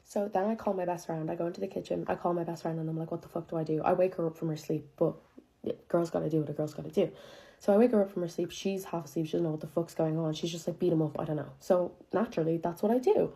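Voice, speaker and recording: A woman's voice: lowish voice, fast, dark tone. Profane young woman telling a story. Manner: profane, chatty, heavy use of filler "like"; incredulous, dramatic retelling. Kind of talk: casual storytime monologue.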